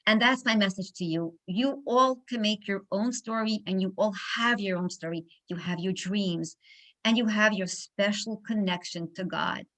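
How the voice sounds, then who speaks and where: Animated New woman telling stories. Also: medium pitch, moderate pace, low-quality recording. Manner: animated storyteller, acts out dialogue. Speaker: guest speaker. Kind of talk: inspirational talk with storytelling.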